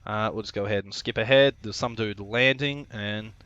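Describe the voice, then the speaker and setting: A man's voice: lowish voice, moderate pace, fairly bright tone, smooth, no echo, highs cut off. A man casually commentating his own flight video on a live stream, joking, swearing and rambling with lots of fillers.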